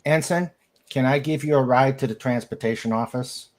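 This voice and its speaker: A man voicing a reserved, professional male officer in an amateur audio drama, speaking in a measured, formal way. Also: mid-range voice, natural voice.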